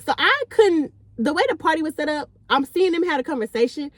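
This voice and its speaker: A woman's voice: high voice, fairly quick, no room sound. A young woman, telling a party story in a casual vlog and acting out the people in it. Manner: animated, acts out the voices of people in her story. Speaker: storytime vlogger.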